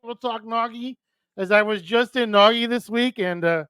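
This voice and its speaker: An older man from New hosts a live radio stream, chatting loosely with a friend and cursing as they joke around in a casual, profane way. His radio-host voice is extremely high-pitched, pushed and bright yet smooth, at normal speed with no echo.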